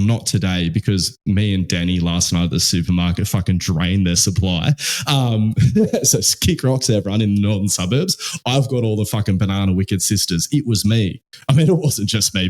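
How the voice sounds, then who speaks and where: A young Australian man hosts a podcast, telling rambling stories in casual conversation and swearing constantly. His voice is lowish and a little mellow.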